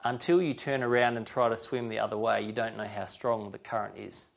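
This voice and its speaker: A man's voice: fairly low pitch, steady tone, brisk, gravelly. A man preaching a sermon, reading scripture aloud and earnestly addressing his listeners directly.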